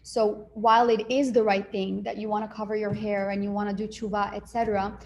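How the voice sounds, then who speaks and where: A woman's voice: mid-range voice, level tone, brisk, a little hiss or hum. A woman coaching on relationships in a casual advice talk, chatting freely and acting out little dialogues as she goes. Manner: conversational, acts out little dialogues, many fillers.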